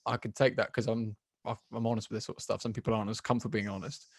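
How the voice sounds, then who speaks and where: Fast-talking blunt man. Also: fairly low pitch, flat delivery, no echo, clean studio sound. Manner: fast, blunt, swears freely. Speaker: podcast host and MMA fighter. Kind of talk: casual podcast chat.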